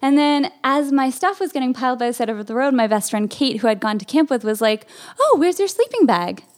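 A woman's voice: high-pitched, fast talker. Chatty storyteller woman from California. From Berkeley, California. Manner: chatty, full of "like" fillers. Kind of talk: personal storytelling.

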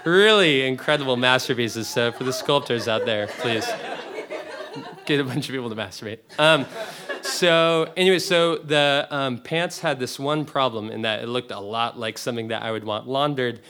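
A man's voice: medium pitch, moderate pace, a crowd in the background. A young man telling a comic personal story to a live audience, rambling and restarting as he laughs through it. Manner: rambling, self-interrupting, laughing often. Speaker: storyteller on stage.

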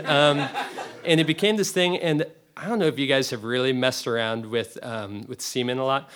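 Onstage before a live audience, a young man recounts a comic story from his own life, rambling, cutting himself off to start again, and laughing frequently. His voice is fairly high, bright, forceful, clear, and resonant.

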